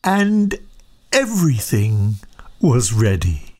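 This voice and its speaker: A storyteller reading a children's picture book aloud, soft and often half-whispered. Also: medium pitch, sing-song, slow, heavy background noise.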